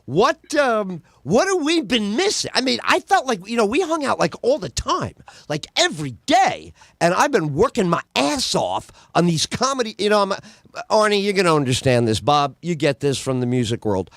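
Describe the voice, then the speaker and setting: A man hosting a podcast as a comedian, telling jokes in an energetic, animated way and laughing at his own bits. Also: high-pitched, moderate pace, dry recording.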